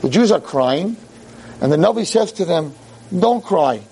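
High-pitched guy rabbi preaching, hebrew lines then english, acts everything out big. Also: lively intonation, unhurried, gravelly, warm tone, a little hiss or hum. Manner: dramatic, acts out quotes with big pitch jumps; mixes Hebrew verses with English translation. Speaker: rabbi giving a holiday talk. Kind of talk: animated sermon to a live audience.

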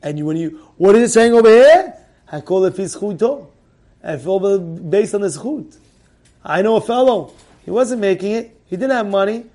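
A middle-aged man giving an animated sermon, telling stories, repeating his phrases and mixing in Hebrew words. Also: high voice, moderate pace. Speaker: Torah teacher.

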